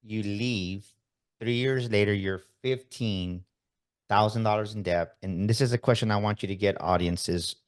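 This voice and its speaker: A man's voice: on the low side, unhurried. A man hosting an interview podcast who puts questions to his guest and speaks directly to the audience. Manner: addresses the audience directly, repeats words when starting. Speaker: podcast host.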